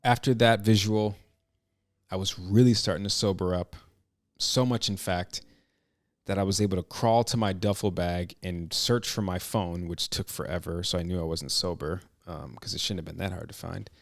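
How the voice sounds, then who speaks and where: Low-voiced man, earnest reflective storyteller. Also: fairly even intonation, no room sound, clean studio sound. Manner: reflective, earnest, halting with frequent restarts. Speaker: podcast host. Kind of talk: personal storytelling monologue.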